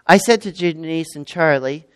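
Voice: mid-range voice, moderate pace, clear, resonant tone, no echo. Sixties preacher giving a sermon, leans hard on words and says them twice, dry close sound. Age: 60s. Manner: emphatic, repeats key words, exclaims.

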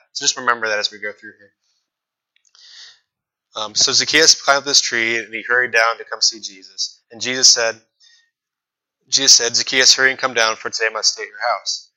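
A man's voice: on the low side, bright, forceful tone, rough recording. A young man preaching a sermon in a casual, conversational way, reading scripture and acting out the people in the story with slangy asides.

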